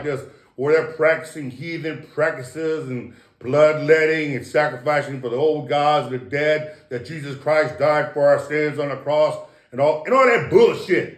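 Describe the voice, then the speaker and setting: Profane, boastful man in an echoey room. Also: on the high side. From Samoan American. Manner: profane, boastful, animated storytelling. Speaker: interview guest. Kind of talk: casual interview storytelling.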